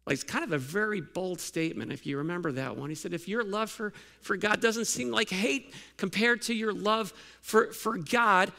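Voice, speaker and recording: A man preaching a sermon with a high, gravelly voice. His tone is bright and edgy, and he keeps asking his congregation pointed questions with casual fillers and restarts. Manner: conversational, asks many questions with fillers and restarts. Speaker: pastor.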